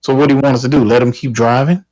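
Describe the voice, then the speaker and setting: A man who cuts in with quick, teasing remarks during a debate. He talks fast at an ordinary pitch. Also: fairly even intonation, darkish tone, no room sound, lo-fi sound. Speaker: podcast co-host. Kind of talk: heated debate.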